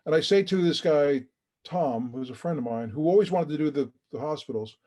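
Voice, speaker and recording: A man's voice: a little high, animated, brisk, a little mellow. A man who is a guest on a podcast, telling a story with feeling and acting out the quoted dialogue. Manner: emotional, earnest. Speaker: interview guest, charity founder.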